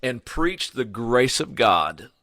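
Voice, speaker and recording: A middle-aged man, a podcast guest telling his story in a casual, animated way, full of "you know" and "man". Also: medium pitch, slow, no room sound.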